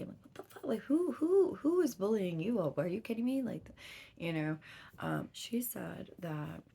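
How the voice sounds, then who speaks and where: Gravelly low-voiced woman, rambling. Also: a little mellow, slight background noise. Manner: swears freely, rambling storytelling. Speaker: tarot reader. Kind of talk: casual chat.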